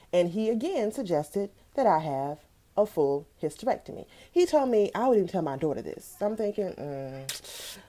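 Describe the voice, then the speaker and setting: A woman's voice: on the low side, warm tone. A woman in her thirties from South Carolina telling a personal story on a live stream, greeting viewers by name as she goes. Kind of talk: casual testimonial talk.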